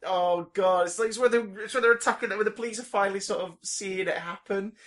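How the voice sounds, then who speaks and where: A man's voice: high-pitched, fast. A man chatting casually, retelling a film with lots of energy and swearing now and then. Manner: animated retelling, acts out scenes, swears casually. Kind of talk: casual chat.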